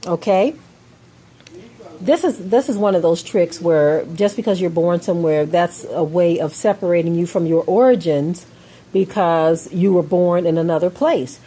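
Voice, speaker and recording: Husky low-voiced woman commentator. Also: normal speed, mellow. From United States. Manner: emphatic, rhetorical, checks in with "okay?" and "right?". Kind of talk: opinion commentary monologue.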